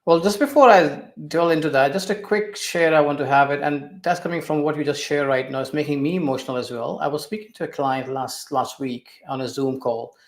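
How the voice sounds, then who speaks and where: A man working as a finance coach, calmly explaining in a conversational way with some nonnative phrasing. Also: on the high side, a little fast, few pauses. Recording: roomy echo.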